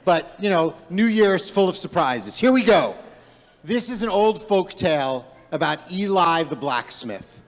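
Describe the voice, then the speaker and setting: Man, rabbi, playful storyteller, high voice, long echo of a big sanctuary. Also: very animated, a little slow. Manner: playful, directing audience participation. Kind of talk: storytelling to a congregation. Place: large synagogue sanctuary. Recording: long hall reverb.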